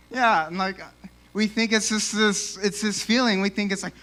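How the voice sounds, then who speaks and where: A young man giving a casual, animated youth sermon in a church, peppered with "like," and a little out of breath. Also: high-pitched, normal speed. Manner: casual, animated, lots of 'like'. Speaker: youth speaker.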